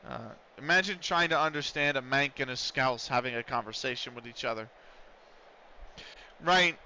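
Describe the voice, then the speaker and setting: Streaming a football management game from the United States, this man mixes casual, rambling chatter with play-by-play calls. He speaks at a moderate pace in a pushed, bright mid-range voice; the stream audio is dull and lo-fi, with slight background noise.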